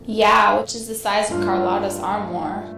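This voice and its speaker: An actress playing a teasing, sarcastic young dancer in a film clip with room echo and music behind. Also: female voice, mid-range voice, steady tone, normal speed, vocal fry, close to an everyday voice. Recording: roomy film audio with music.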